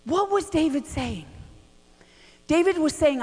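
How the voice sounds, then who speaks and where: A middle-aged woman preaching a sermon, telling a family story with lots of animation, hushed at times and shouting at others. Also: sits high, lively intonation, normal speed. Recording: long reverb of a large hall.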